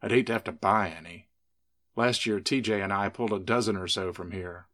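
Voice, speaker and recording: A man's voice: lowish voice, brisk, bright, forceful tone. A man voicing a swaggering, teasing young man, the sheriff's son, in a spoken story. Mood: bragging.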